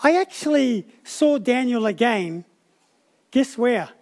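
A man's voice: extremely high pitch, animated, takes it slowly, darkish tone. A man preaching a sermon, telling a personal story with frequent restarts and repeated words.

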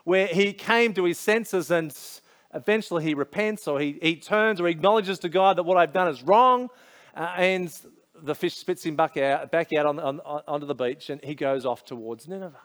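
A man's voice: a little high, moderate pace, a bit bright. A man with an Australian accent preaching a sermon in a conversational, storytelling way, full of casual asides. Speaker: pastor.

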